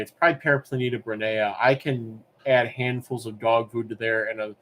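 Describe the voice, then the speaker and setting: A man with a mid-range voice hosts a live-streamed auction in a casual, rambling style. He wanders easily between answering viewers' questions and calling the lots, and a faint hum of noise sits under his voice. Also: medium pitch. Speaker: livestream auction host.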